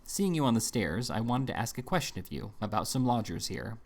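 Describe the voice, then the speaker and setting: A man reading the part of a blunt, stern older gentleman who speaks curtly and coldly in an audiobook. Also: medium pitch, sing-song, a little fast. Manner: curt and cold. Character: blunt, stern older male moneyed relative.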